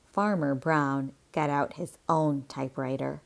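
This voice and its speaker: A woman teacher reading a picture book aloud slowly and deliberately, pausing for comprehension questions. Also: low-pitched. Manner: slow, deliberate read-aloud.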